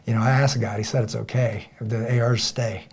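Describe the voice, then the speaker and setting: A man's voice: mid-range voice, brisk, vocal fry, slightly rough. A man co-hosting a casual podcast, telling stories animatedly and acting out quoted dialogue. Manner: animated storyteller, acts out quoted dialogue loudly. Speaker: podcast co-host.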